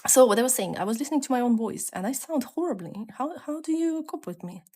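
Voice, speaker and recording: A woman with a mixed non-native English accent, chatting casually with viewers on a live stream and slipping into soft whispered asides. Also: fairly high pitch, expressive, fast. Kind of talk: casual live-stream chat while coloring.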